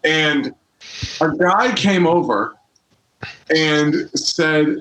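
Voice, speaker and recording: A man's voice: fairly high pitch, drawn-out words, fairly bright tone. A man co-hosting a casual watch-along chat, telling stories animatedly and swearing freely. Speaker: podcast co-host. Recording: echoey room.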